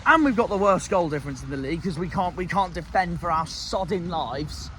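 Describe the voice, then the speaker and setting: A man's voice: sits high, expressive, brisk, pushed and bright. Furious ranting West Country man outdoors. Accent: West Country English. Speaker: football fan vlogger. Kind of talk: angry post-match rant. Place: outdoors in a city street. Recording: outdoor street noise, traffic.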